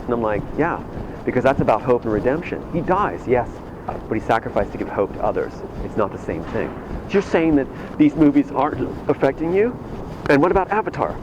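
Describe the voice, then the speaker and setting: A man's voice: mid-range voice, animated, a little fast, dull audio. Rambling man on a noisy clip. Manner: rambling with stammered restarts. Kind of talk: recounting events in casual talk.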